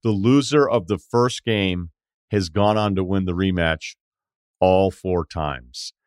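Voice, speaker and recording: A sports podcast host with a lowish male voice, reading out stats and then needling his guest. His tone is dry, and the recording has no room sound at all. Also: slow, a little mellow, clear, resonant tone, no echo.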